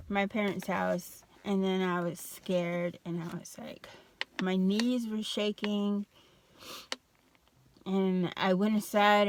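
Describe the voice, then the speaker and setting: A woman's voice: mid-range voice, slight background noise. A young adult woman telling a personal story in a casual vlog, loose and full of fillers and restarts. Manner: slow, even, flat delivery. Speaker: vlogger.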